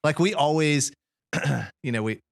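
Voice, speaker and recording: A middle-aged man co-hosting a podcast, talking in a rambling, halting way full of fillers. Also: a little high, gravelly, dry recording, clean studio sound. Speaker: podcast co-host. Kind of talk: casual podcast chat.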